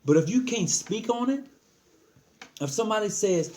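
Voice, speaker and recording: A man's voice: sits high, very animated, normal speed, a little mellow. An earnest man talking casually to the camera, giving frank advice as a lodge member, often repeating himself and slipping into slang.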